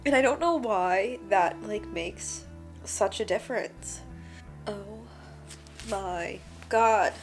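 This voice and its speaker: A young woman talks through her reading in a casual vlog, reacting with emotional exclamations. She speaks at an unhurried, drawn-out pace and sounds tired, with faint music underneath. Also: medium pitch. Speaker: book vlogger.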